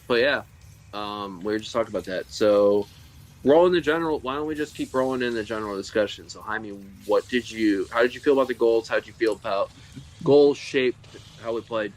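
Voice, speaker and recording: A man's voice: lowish voice, brisk, rough recording. A man hosting a casual sports podcast, rambling through long sentences and steering the talk with questions to his co-hosts. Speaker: podcast host.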